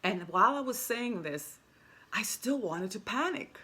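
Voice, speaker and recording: A woman's voice: mid-range voice, animated, measured pace, pushed and bright, breathy edge. A woman telling an earnest personal story in a casual vlog, often repeating and restarting her words. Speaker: spiritual vlogger.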